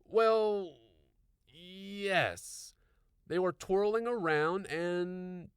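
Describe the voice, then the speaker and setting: A man voicing a flustered, excitable middle-aged neighbor who yells in a strained high voice for an audiobook. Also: drawn-out words, clean tone, dry recording, clean studio sound. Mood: confused. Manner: shouting, frantic, high-pitched.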